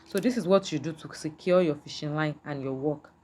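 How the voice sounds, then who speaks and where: Low-voiced woman teaching a beading craft. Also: a little fast, a little mellow. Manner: patient, repetitive, checks in with "can you see?". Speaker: beading tutor. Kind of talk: step-by-step craft tutorial.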